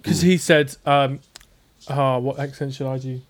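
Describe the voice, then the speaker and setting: A man's voice: medium pitch, steady tone, unhurried, no room sound. A young man co-hosting a podcast in casual chat, teasing and joking. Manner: teasing, jokey. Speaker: podcast co-host.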